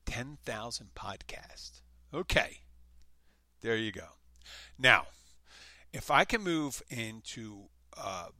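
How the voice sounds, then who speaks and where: A man's voice: medium pitch, pushed and bright, no echo. A man from the United States, hosting his own podcast in a casual, rambling monologue full of restarts and self-corrections. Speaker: podcast host.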